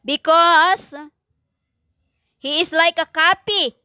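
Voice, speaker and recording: A woman preaching a stern religious monologue in halting non-native English, with many fillers and emphatic repetition. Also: extremely high pitch, pushed and bright, no echo, studio quality. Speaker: self-styled prophetic preacher.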